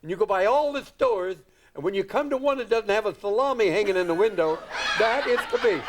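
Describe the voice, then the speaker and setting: Brief: older man doing a giddy, lisping old stage comedian, pitched high and sing-song. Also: expressive, fairly quick, heavy background noise. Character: giggly high-voiced old male vaudeville comedian.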